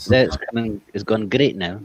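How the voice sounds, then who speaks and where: A man's voice: fairly low pitch, moderate pace, husky, poor audio. Man coaxing spirits on a ghost box. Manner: coaxing, questioning the spirits calmly. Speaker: paranormal investigator streamer.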